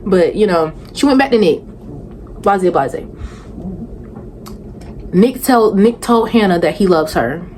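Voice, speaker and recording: A woman's voice: mid-range voice, animated, takes it slowly, pauses often, darkish tone. Young woman w ranting thru a show recap on camera, sassy n rambly, bit of hiss. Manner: sassy, rambling, exasperated asides. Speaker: vlogger reviewing a reality show. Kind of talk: casual chatty recap.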